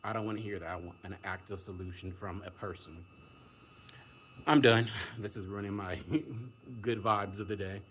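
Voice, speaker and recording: A man's voice: low voice, fairly even intonation, brisk, sharp tone, slight background noise. A man delivering a casual, emphatic monologue rant, exasperated and acting out the people he quotes. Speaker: vlogger.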